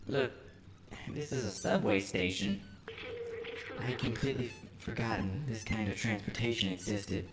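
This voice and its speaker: A man voicing a small melancholy robot companion, reading its lines in a flat, earnest robot voice. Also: fairly low pitch, normal speed, over music, natural voice, poor audio. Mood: wistful.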